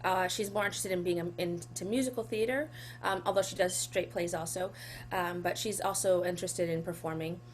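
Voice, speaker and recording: A woman's voice: fairly low pitch, fairly even intonation, fairly quick. A woman in her forties, an actress and poet, talking casually in an interview, laughing often and getting emotional about her children. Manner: warm, laughs often, emotional when speaking of her son. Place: home.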